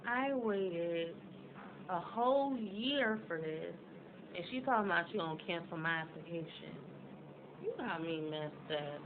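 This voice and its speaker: A woman talks straight into her phone, venting in a fairly low voice. She gets loud and tense when something frustrates her. Steady outdoor noise sits clearly behind her. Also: a little slow, phone-quality sound. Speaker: vlogger. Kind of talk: casual vlog to camera.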